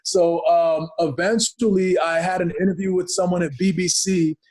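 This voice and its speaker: Lively, higher-voiced man from Ghana. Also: normal speed. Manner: lively storyteller who acts out voices. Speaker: podcast guest. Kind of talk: casual interview chat.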